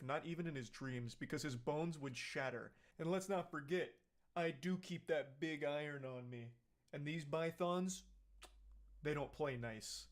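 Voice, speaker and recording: A man giving sarcastic, mocking reaction commentary on a video clip. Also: a little high. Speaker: commentary YouTuber.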